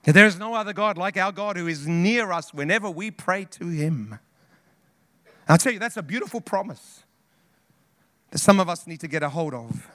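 A man's voice: high-pitched, lively intonation, normal speed, pauses often, bright, forceful tone, no echo. A male pastor preaching a sermon with passion, repeating phrases and calling out to the congregation. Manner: impassioned preaching with repetitions and call-outs.

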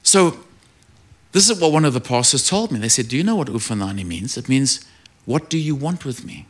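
A middle-aged man preaching a sermon, telling stories with animation and rising to shouted praise. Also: mid-range voice.

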